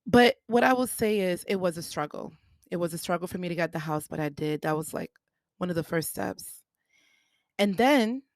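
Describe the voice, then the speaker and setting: A young woman hosts a podcast and tells a personal story in a candid, conversational way, slipping into the voices of the people she quotes. Her voice sits a little low, and the recording is dry and close, with no room sound. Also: no room sound. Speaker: podcast host.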